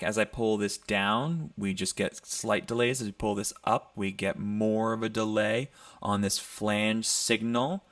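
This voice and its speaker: A man giving a casual livestream tutorial on mixing, explaining in a loose, conversational way while demonstrating sounds at his computer in a home studio, often pausing with ums as he thinks aloud. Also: mid-range voice, fairly bright tone. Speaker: music producer teaching mixing.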